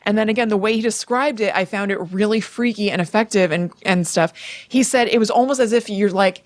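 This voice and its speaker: A woman's voice: medium pitch, fairly quick, dry recording, studio quality. Chatty young woman retelling a ghost story. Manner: chatty, filler-heavy retelling with frequent "like". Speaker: podcast co-host. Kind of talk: casual storytelling chat.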